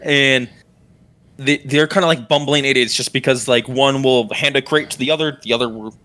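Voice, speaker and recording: A man's voice: mid-range voice, fairly even intonation, moderate pace, sharp tone. A young man narrating a tabletop game as game master, rambling with many fillers.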